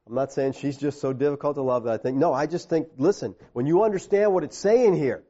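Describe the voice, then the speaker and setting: A man preaching a sermon, his voice sitting a little high but sounding mellow and warm. He calls out directly to the men listening and swings between hushed, low stretches and emphatic peaks. The recording is dull and lo-fi. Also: brisk, hardly any pauses. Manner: direct, addresses the men in the congregation. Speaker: pastor.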